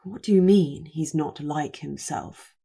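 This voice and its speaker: A woman's voice: sits low, measured pace, gravelly, dark tone, slightly rough, full character voice. A woman doing a curt young lord. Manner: curt, savage. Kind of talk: audiobook character voice.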